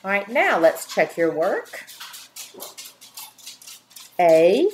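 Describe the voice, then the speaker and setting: A woman teacher giving a slow dictation lesson to young children, speaking clearly and deliberately and drawing out each syllable. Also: medium pitch, big pitch swings. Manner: clear, deliberate, spells words and stretches syllables.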